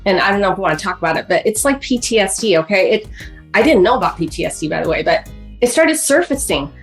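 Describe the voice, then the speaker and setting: A woman's voice: medium pitch, lively intonation, fast, faint music behind, low-quality recording. Earnest middle-aged woman telling her story. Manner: earnest, emotional, addresses host by name often; acts out quoted voices of parents. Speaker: guest author. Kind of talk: personal storytelling in a podcast interview.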